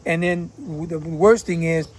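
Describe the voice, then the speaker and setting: A man's voice: on the high side, slow pace, darkish tone. A man from Philadelphia giving casual commentary, talking bluntly in profane street slang. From Philadelphia, USA. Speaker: channel host giving commentary.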